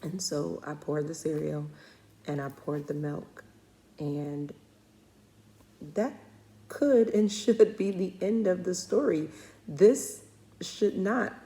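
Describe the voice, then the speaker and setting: A woman's voice: on the low side, gravelly, warm tone. A middle-aged woman, a former school principal, telling a personal story in a talk, with many fillers and restarts. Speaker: speaker.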